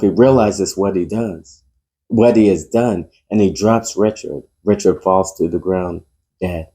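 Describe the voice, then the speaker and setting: A pastor delivering a sermon who tells an illustration story and builds to emphatic preaching. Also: male voice, low-pitched, dark tone.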